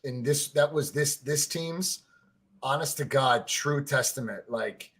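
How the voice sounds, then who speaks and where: Excitable man swapping sports talk. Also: mid-range voice, unhurried, slightly rough. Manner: animated storyteller, swears freely, peppers speech with "like" and "right?"; excitable, fan-to-fan talk addressing listeners as family. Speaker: podcast co-host. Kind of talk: casual sports podcast chat.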